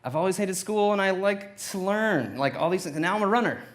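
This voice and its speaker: A man's voice: high-pitched, a little fast. Guy telling a funny story on a church stage, acts out his own quotes. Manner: playful, anecdotal, acts out quotes. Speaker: church speaker. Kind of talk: humorous personal testimony on stage. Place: church auditorium.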